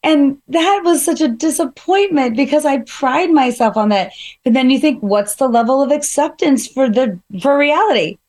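A woman with a bright, high voice shares a personal reflection in the style of a keynote speaker. She is earnest and self-questioning, working her thoughts out aloud with casual fillers. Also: animated, moderate pace.

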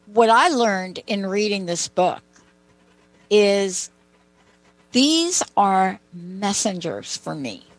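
A woman's voice: fairly high pitch, dry recording, low-quality recording. Chatty woman hosting, dry close sound. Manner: chatty, personal anecdotes, asides to a co-host. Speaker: show host. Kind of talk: conversational storytelling.

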